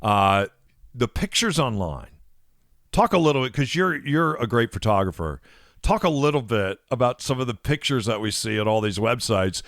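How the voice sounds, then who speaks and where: A man's voice: medium pitch, animated, normal speed, a bit bright, dry recording, studio quality. A man co-hosting a casual radio talk show, telling a story in an earnest, heartfelt way. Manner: earnest, storytelling, a bit emotional. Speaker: co-host and realtor.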